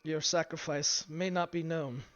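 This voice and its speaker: A young elf mage, mournful and courteous, as a game master voices him. He speaks gently and a bit softly. The recording is dull and lo-fi, with faint music. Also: on the high side, steady tone, a little slow.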